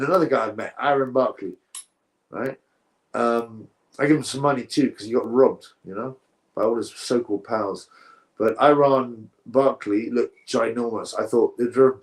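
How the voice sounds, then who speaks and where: Guy on a live stream reading chat, opinionated, keeps restarting sentences, middle pitch. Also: darkish tone. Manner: rambling, opinionated, frequent self-corrections. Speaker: boxing stream host. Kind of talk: live stream chat answering viewer comments.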